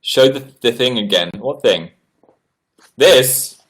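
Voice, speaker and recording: A man hosts a relaxed livestream from indoors, reading viewers' messages aloud and answering each one. His voice sits at an ordinary middle pitch. His delivery is chatty and animated, and it leaps upward when something surprises him. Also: slow pace. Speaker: livestream host. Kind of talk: casual livestream chat reading viewer comments. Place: indoors at home.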